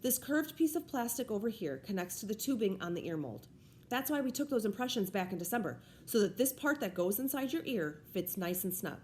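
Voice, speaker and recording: A woman's voice: mid-range voice, lively intonation, brisk, a little mellow, slight background noise, natural voice. A woman voicing a friendly, joking male ear doctor who reassures a child. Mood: reassuring. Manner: jokey, reassuring.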